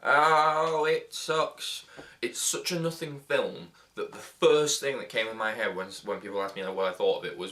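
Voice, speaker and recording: Young guy ranting about a movie, bright voice, lots of ums and restarts, dry sarcasm. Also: mid-range voice, normal speed. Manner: rambling, sarcastic, frequent fillers and restarts. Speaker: film reviewer. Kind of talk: casual spoken film review.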